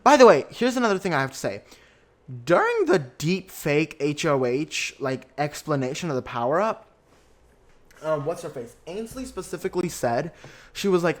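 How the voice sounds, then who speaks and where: A young man hosting a podcast, recapping reality TV in a chatty, animated way and acting out his own reactions. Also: a little high, moderate pace. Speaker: podcast host.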